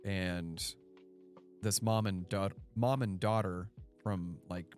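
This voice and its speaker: Podcast co-host, man, lowish voice, easygoing delivery, faint music under. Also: slow. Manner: relaxed, laid-back storytelling with swearing. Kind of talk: casual chat.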